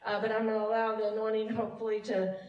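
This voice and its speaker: Worship leader lady giving a chatty sermon, kinda high voice, roomy church sound, mic a bit far off. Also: little pitch movement, quick pace, highs cut off, crowd noise. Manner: conversational and self-deprecating, laughing often. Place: church sanctuary. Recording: echoey room, mic from afar.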